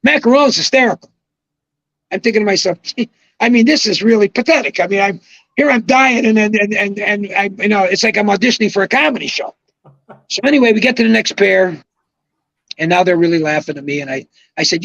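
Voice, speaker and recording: An older man telling an animated story as a podcast guest, excitable, swearing and acting out quotes. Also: high voice, a little fast, vocal fry, no echo, highs cut off.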